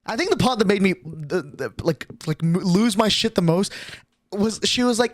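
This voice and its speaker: A man's voice: sits high, lively intonation, normal speed, no room sound, studio quality. A young man streamer telling a story in a casual, exasperated rant, swearing and restarting often. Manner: exasperated, profane, rambling with many restarts.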